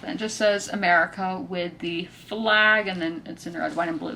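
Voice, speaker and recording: A woman's voice: lowish voice, fairly even intonation, moderate pace, few pauses, pushed and bright, a little hiss or hum. Chatty young woman vlogging. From South Carolina. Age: 20s. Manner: chatty and rambling, full of fillers. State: out of breath. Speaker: book vlogger. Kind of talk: casual chat.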